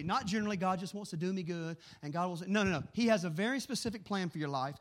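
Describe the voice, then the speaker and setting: A middle-aged man preaching a sermon, telling animated stories in a quick, excitable way. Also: sits high. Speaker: pastor.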